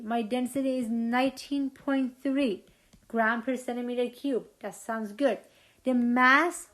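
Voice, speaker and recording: A woman teaching a chemistry lecture, asking questions and repeating key points for students. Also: on the high side. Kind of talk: recorded lecture.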